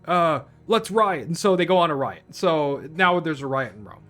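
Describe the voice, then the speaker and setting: A man's voice: a little high, animated, brisk, fairly bright tone, faint music behind. A man recapping a film plot in a casual, profane rant, full of restarts and tangents. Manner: rambling, profane, with many restarts. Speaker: film reviewer.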